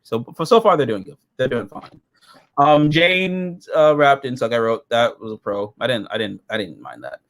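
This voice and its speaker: A man co-hosting a casual episode review, profane and excitable, jumping into silly quoted voices. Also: mid-range voice, moderate pace.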